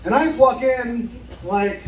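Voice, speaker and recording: Telling a story live at a bar, a man with a very high voice takes his time, cursing casually and voicing the people he describes. Crowd noise fills the echoey room, where the mic is distant and listeners cheer and laugh.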